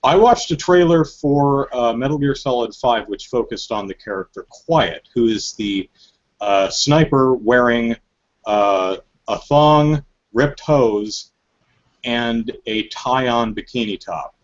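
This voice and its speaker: A man hosting a podcast in casual chat, telling stories in an animated, joking way. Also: medium pitch, slow, dull audio. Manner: animated, joking storytelling with frequent laughs. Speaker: podcast host.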